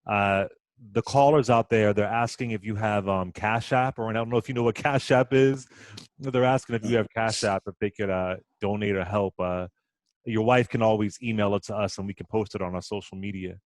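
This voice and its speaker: Halting emotional talk-radio host, a man. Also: lowish voice, steady tone, no room sound.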